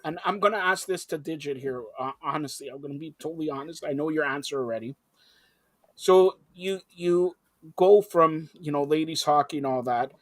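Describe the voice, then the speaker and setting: Teasing male talk-show host, high voice, dry close mic. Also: normal speed, dry recording. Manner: playful, teasing, talks over guests. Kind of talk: casual interview chat.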